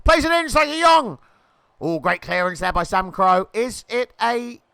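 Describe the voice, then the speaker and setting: A man calls a video game football match in a playful commentator's patter, jumping to excited shouts when the ball nears the goal. His voice sits high and comes across crisp and smooth. The recording is close and dry, with no room sound. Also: measured pace, no echo. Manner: jokey, rises to excited shouts at near misses and goals.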